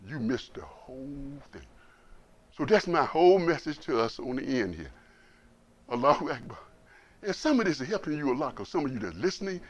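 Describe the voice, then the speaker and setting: A man delivers a Friday sermon as imam in a blunt, colloquial style, repeating words for emphasis. He swings between loud preaching and low asides.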